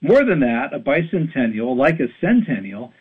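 A man's voice: mid-range voice, moderate pace, husky. A man in his fifties from western Pennsylvania, reading an emphatic radio commentary. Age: 50s. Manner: animated, emphatic delivery. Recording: tinny phone-like line.

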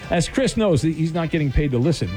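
A man's voice: a little high, animated, fast talker, a little mellow, soft background music. A man hosting a call-in game show bit on his radio show, loose and joking, rambling with lots of fillers.

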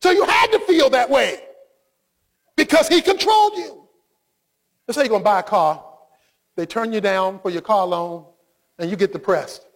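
A male preacher delivering an impassioned sermon that often rises to shouting. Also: high-pitched, lively intonation, normal speed, long pauses.

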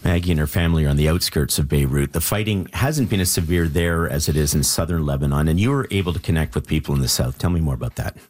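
A male news anchor questioning a reporter on air, brisk. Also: extremely low pitch, animated, a little mellow. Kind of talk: radio news interview.

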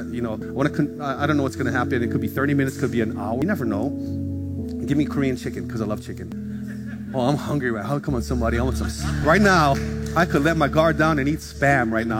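A man delivers a storytelling sermon, switching into other people's voices to act out the story. Guitar music plays clearly behind him the whole time. His pitch sits in the middle for a man. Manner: animated, acts out voices in anecdotes. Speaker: pastor. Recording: background music under the preaching.

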